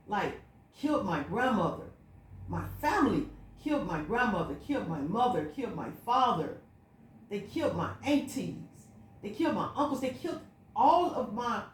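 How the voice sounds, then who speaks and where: A woman's voice: a little high, a little hiss or hum. A woman vlogging a personal spiritual monologue, telling her story in an emphatic, repetitive, looping way. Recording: echoey room.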